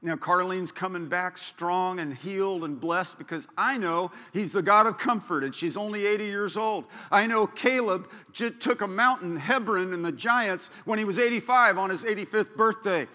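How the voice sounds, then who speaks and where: A man preaches with fervor, his voice pitched high and bright as he builds to loud declarations. The sound carries the long reverb of a church hall. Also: moderate pace, hardly any pauses. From Southern California. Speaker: pastor. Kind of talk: sermon. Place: church sanctuary.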